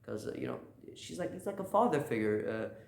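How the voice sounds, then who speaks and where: A man's voice: fairly low pitch, big pitch swings, brisk, gravelly, a little mellow. A man casually recapping a manga chapter, rambling with lots of "uh" and "like" and slipping into quoted lines. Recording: roomy echo.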